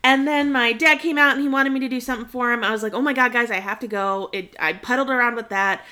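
A young woman chatting with her best friend on a podcast, spinning a rambling story with quick laughs and acted-out quotes. Her voice is bright and a touch high. She talks into one mic shared across a table. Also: steady tone. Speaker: podcast co-host. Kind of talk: casual chat between friends.

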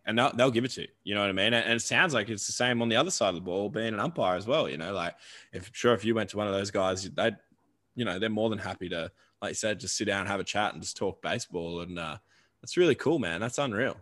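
Male host; low-ish, easygoing, supportive interviewer. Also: fast. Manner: relaxed, encouraging, laid-back. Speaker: podcast host. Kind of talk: casual interview chat.

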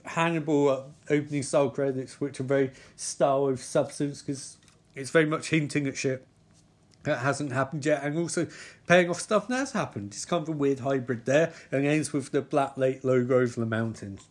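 At a moderate pace and in a mid-range voice, a man reviews a TV episode as he watches. The commentary is loose and casual, full of swearing, sarcasm, and tangents, and he keeps forgetting who the characters are.

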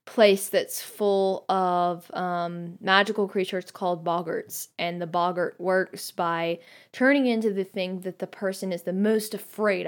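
A woman guest hosting a podcast, talking thoughtfully and reading passages aloud, with frequent ums. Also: lowish voice. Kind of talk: podcast book discussion.

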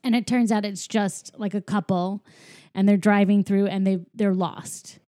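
A woman's voice: mid-range voice, fairly even intonation, measured pace, mellow, dry recording, clean studio sound. A woman casually retelling a movie plot as a podcast co-host, rambling with lots of fillers and laughs. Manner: rambling, filler-heavy storytelling with frequent laughs. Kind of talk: casual chat, recapping a movie.

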